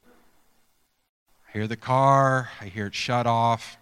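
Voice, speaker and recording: Animated male pastor in a reverberant hall. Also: medium pitch, extremely slow, clean tone. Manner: animated storyteller, swings from hushed to shouting. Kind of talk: sermon with storytelling.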